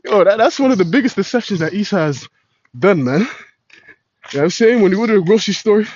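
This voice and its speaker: A man's voice: high-pitched, lively intonation, fast, darkish tone, no echo. A man preaching in a casual street style, slangy and full of "man" and "you know". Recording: dull lo-fi recording.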